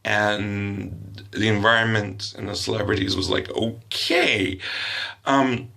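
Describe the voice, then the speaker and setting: A man's voice: fairly low pitch, fairly even intonation, measured pace, gravelly, bright, forceful tone. A man telling a story as a profane, exasperated rant, sarcastic and swearing freely. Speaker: vlogger.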